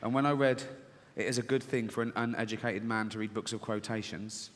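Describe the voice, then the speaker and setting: A man's voice: lowish voice, level tone, a little fast. A man performing stand-up comedy, sardonic and mocking, acting out little scenes. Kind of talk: stand-up routine. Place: large venue with audience. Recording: live hall recording with reverb.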